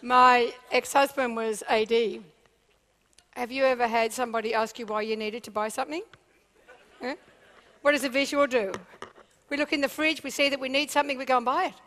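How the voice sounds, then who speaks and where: A woman giving a seminar talk to a live audience, animated and often checking in with the crowd. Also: fairly high pitch, a little fast. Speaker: business speaker.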